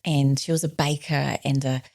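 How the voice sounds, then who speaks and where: A middle-aged woman, a podcast guest, telling personal stories earnestly and reflectively, sometimes dropping to a soft whisper. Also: extremely low pitch, fairly even intonation, normal speed, vocal fry, no room sound, studio quality. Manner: earnest, drops to a soft whisper when quoting others. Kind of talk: reflective storytelling conversation.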